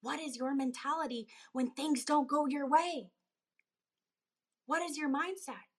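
A woman fitness coach giving an emphatic motivational talk on a live stream, building to urgent, pressing delivery. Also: unhurried. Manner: emphatic, rising to pitched urgency. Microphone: phone on a live video.

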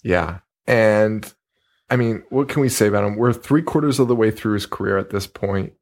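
A young man co-hosting a podcast in casual chat, animated and jokey, swearing freely and slipping into mock voices. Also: on the low side, normal speed. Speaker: podcast co-host.

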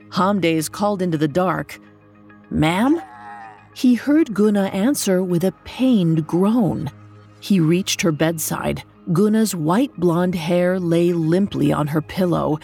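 A woman narrating a scripted horror story in a measured, deliberate way. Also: lowish voice, creaky, darkish tone, husky. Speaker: podcast storyteller.

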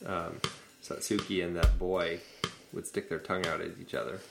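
A woman casually asking a child gentle, teasing questions about a movie. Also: extremely low pitch, level tone, moderate pace, vocal fry, over music. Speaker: parent interviewing a child.

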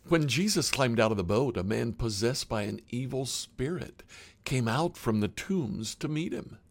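A man reading a Bible passage aloud in a measured, plain way. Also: medium pitch, expressive, creaky. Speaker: scripture reader.

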